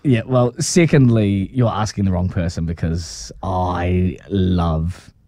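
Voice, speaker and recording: A man's voice: sits low, slow pace, mellow, no echo. A man co-hosting a radio show, playful and cheeky, often laughing as he talks. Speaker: radio co-host. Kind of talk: radio drive-show banter. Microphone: studio microphone.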